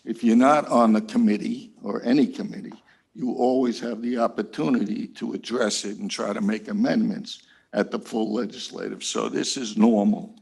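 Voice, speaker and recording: Gravelly low-voiced Bronx-accented legislator man. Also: steady tone, moderate pace, a little mellow. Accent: New York City (Bronx). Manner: recounts procedure step by step, fillers, jokey asides. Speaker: county legislator. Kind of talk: floor remarks at a public session. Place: legislative chamber.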